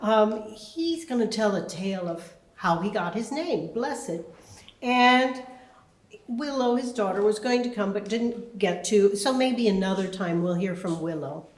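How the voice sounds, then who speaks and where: A woman hosting an event, introducing the next storyteller in a slow, hesitant way, in a church hall. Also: mid-range voice, expressive. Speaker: event host. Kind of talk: introducing a speaker.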